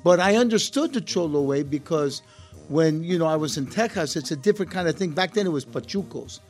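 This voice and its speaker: A man's voice: fairly high pitch, fairly quick. Man telling stories with music behind. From United States. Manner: relaxed storytelling, mixes English and Spanish words. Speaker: actor guest. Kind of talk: casual interview talk.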